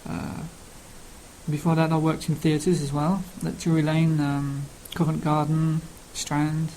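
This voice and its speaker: A man's voice: on the high side, little pitch movement, measured pace, a little mellow, slight background noise, rough recording. A man with a Cockney London accent introducing himself casually, rambling with many ums and uhs. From England. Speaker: language learning speaker.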